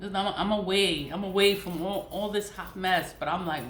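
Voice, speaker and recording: A woman's voice: medium pitch, normal speed, a bit bright. A woman vlogger venting in a casual monologue, profane and exasperated, laughing often between complaints. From United States. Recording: echoey room with faint noise.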